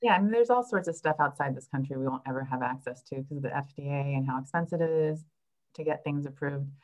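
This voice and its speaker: A woman reproductive endocrinologist talking casually as a podcast guest, telling patient stories in a chatty, animated way. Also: low-pitched, fast, rough recording. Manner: chatty, animated storytelling with laughs.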